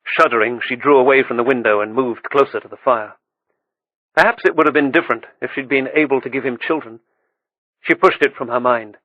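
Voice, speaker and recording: A man reading an audiobook with steady, measured storytelling. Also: mid-range voice, no room sound, muffled recording. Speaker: audiobook narrator. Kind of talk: scripted audiobook narration.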